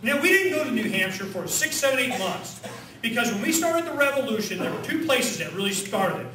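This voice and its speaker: A man giving an animated rally speech at a conference, firing off rhetorical questions and leading chants. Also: extremely high pitch, brisk. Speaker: conference speaker. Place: conference hall with audience. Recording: echoey hall, distant mic, crowd.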